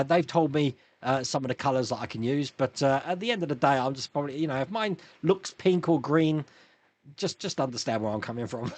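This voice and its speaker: A man's voice: on the high side, no room sound. A man hosting a casual live stream, chatting and reading viewer comments with frequent chuckles and restarts.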